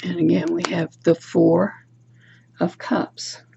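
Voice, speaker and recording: A woman's voice: fairly low pitch, flat delivery, slow pace, creaky, dark tone, highs cut off, a little hiss or hum. A woman giving a tarot card reading to camera, musing aloud and asking the viewer reflective questions. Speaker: tarot reader. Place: home room, self-recorded video. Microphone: camera's built-in mic.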